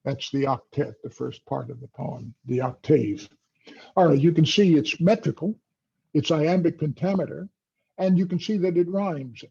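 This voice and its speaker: An older man giving an academic lecture, halting and full of fillers, with a dull lo-fi recording. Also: on the high side, creaky, warm tone, husky.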